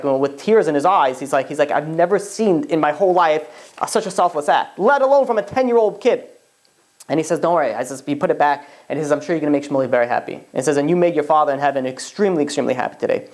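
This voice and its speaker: A rabbi delivers a sermon at a quick clip, moving briskly from story to lesson. He is a man who acts out the characters' lines as he tells the story to the people in front of him. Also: a little high. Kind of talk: storytelling sermon to a live audience.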